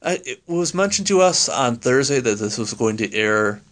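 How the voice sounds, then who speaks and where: A man's voice: medium pitch, animated, moderate pace, fairly bright tone. A man co-hosting a casual chat, recapping hesitantly from his notes with many fillers. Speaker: podcast co-host.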